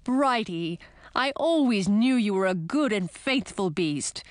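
A woman voicing a playful, devoted young prince who speaks in a gentle, teasing way. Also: mid-range voice, expressive, a little slow, no room sound, lightly acted. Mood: fond.

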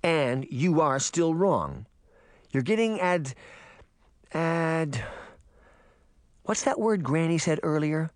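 A man's voice: fairly high pitch, big pitch swings, takes it slowly, long pauses, no room sound, clean studio sound, voice pushed up. A man voicing a reproachful little sister in an audiobook reading, scolding and fumbling for words.

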